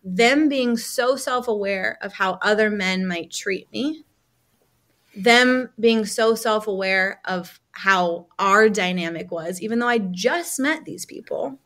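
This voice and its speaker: A woman, a healing coach, telling a personal story as a podcast guest, lively, acting out other people's lines and using many casual fillers. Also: medium pitch, slow.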